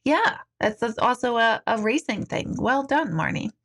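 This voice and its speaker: A woman hosts a relaxed live stream, answering viewer comments as an intuitive. Her voice sits a little high, and she talks in an animated, loose way, dropping casual swear words and laughing often as she goes. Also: normal speed.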